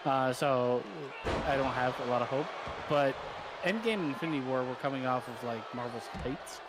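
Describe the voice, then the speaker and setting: A man's voice: mid-range voice, moderate pace. Opinionated man in noisy banter. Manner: opinionated, laughs often, swears casually. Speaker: co-host, gamer. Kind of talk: casual banter over gameplay.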